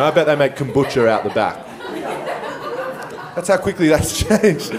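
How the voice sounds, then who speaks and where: A young adult man with an Australian accent doing stand-up comedy, conversational and animated, with a lot of swearing. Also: on the high side, fairly quick, a little hiss or hum. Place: comedy stage.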